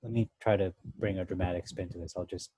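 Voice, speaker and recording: Dark-voiced man teaching Bible verses. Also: low-pitched, fairly even intonation, fast talker, slight background noise, poor audio. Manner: conversational, thinking aloud with fillers and asides. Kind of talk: casual verse-by-verse Bible study.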